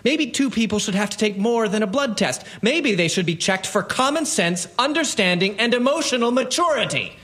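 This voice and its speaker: A man's voice: high voice, normal speed, few pauses. A man playing a weary sarcastic young husband. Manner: sarcastic, exasperated, deadpan jokes. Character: tired young lawyer husband, dry and sarcastic. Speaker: lawyer. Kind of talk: stage-play acting.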